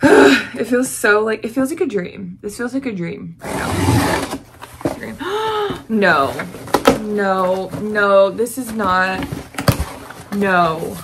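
A woman's voice: mid-range voice, takes it slowly, heavy background noise. A young woman with a Southern US accent, gushing and gasping through an unboxing vlog. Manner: gushing, gasping, breathless excitement. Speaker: vlogger.

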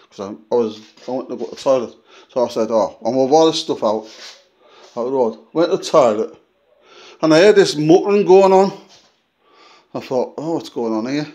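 A man talks his viewers through his flat in a loose, rambling vlog. His voice sits at an ordinary pitch, and he keeps restarting his sentences as he tells the story. He sounds like he is holding a phone camera indoors. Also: slight background noise. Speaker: vlogger. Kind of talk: casual vlog chat.

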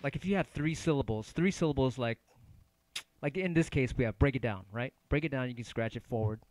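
A man's voice: mid-range voice, fairly quick, darkish tone, no room sound. A middle-aged man teaching turntable scratching in a casual livestream lesson, rambling loosely and swearing offhand. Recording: music playing underneath. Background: turntable music.

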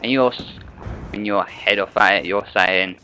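A man's voice: fairly low pitch, steady tone, measured pace, pushed and bright, clear, resonant tone, rough recording. A young man giving rambling gameplay commentary, chatty and full of rhetorical questions to his viewers. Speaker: gaming channel host.

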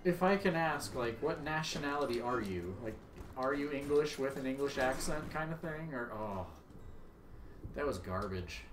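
A young man livestreaming a game, chatting casually with viewers, loud and joking with free swearing. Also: medium pitch, lively intonation, moderate pace, noisy background. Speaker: livestream gamer. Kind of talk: casual stream chat. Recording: echoey room, faint ambience.

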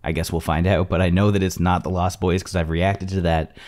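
A man's voice: deep voice, level tone, a little fast, a little mellow. A man hosting a casual first-time movie reaction, chatty and thinking aloud as he goes.

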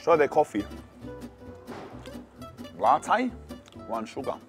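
An Australian man reviewing food in a casual vlog, talking in an excitable, slangy way. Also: mid-range voice, slow pace, soft background music. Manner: slangy and excitable, calls the viewer "cuz". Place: cafes and city streets.

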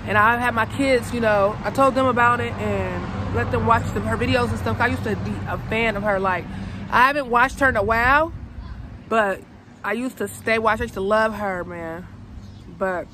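A woman's voice: on the high side, normal speed, sharp tone. Young woman vlogger, heartfelt, conversational, speaks outdoors with faint city noise behind. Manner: conversational, addresses viewers as y'all, emotional. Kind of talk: casual heartfelt vlog talk.

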